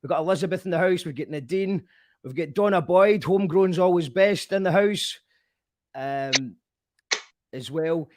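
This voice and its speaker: A man hosting a casual chat, reading out viewer comments and giving shout-outs in an easygoing way. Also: on the high side, normal speed, dry recording. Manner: easygoing, gives shout-outs, repeats words while thinking. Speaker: host.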